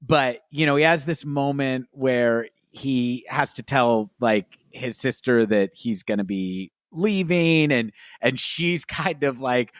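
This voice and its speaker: A man's voice: medium pitch, slow, hardly any pauses, dry recording, studio quality. A man co-hosting a podcast, talking casually and animatedly about a film and laughing as he retells scenes. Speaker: podcast co-host.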